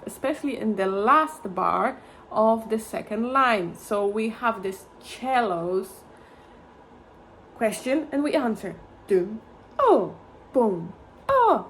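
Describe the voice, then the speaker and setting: A woman's voice: mid-range voice, slight background noise. A woman teaching a violin lesson, explaining rhythms patiently and chanting fruit words to count them out.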